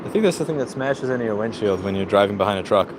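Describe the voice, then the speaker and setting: A man's voice: on the low side, lively intonation, rapid-fire, background noise. A man hosting a casual driving vlog, ranting bluntly and sarcastically with lots of swearing while demonstrating a car door. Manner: blunt, profane, sarcastic rant. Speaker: vlog host. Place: in and around a car outdoors.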